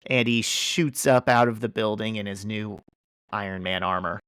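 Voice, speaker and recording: A man's voice: fairly low pitch, normal speed, fairly bright tone, clean tone, no echo. A man hosting a podcast, casually and animatedly retelling a story in a chat, full of fillers. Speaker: podcast host. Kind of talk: casual chat recapping a comic.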